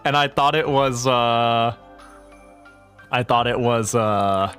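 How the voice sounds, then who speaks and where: A man's voice: mid-range voice, slow pace, a bit bright. A male streamer rambling through a casual gaming session. He jokes, swears freely and keeps restarting his sentences, with faint music under him. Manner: rambling, joking, swears often, frequent self-corrections.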